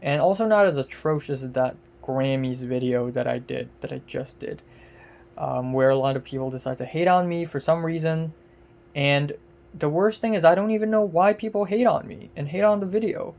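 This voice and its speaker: Exasperated and swearing, a woman vlogger rants angrily at normal speed, her voice sitting low. Her words repeat and she gets loud in bursts.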